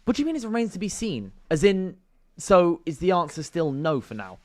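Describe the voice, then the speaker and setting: A man's voice: high voice, sing-song, a little fast, a little mellow. A man hosting a football talk show, emphatic and repeating his points. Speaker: show host. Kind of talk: sports talk show discussion.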